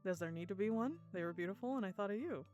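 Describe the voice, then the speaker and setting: A woman reading aloud as a gentle, soft-spoken young farmhand man, voicing him quietly and tenderly in a visual novel. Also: medium pitch, lively intonation, fast, faint music behind, close to an everyday voice.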